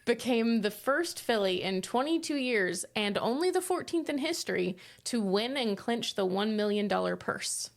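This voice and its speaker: A woman's voice: a little high, animated, moderate pace, creaky, few pauses. A woman co-hosting a casual podcast, reading out trivia clues and joking and swearing as she goes.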